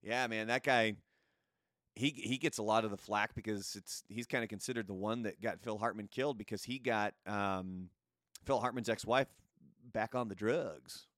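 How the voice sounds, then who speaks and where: A man's voice: on the low side, moderate pace, a bit bright, no echo, studio quality. A man hosting a casual news commentary show, chatty and opinionated. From United States. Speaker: host.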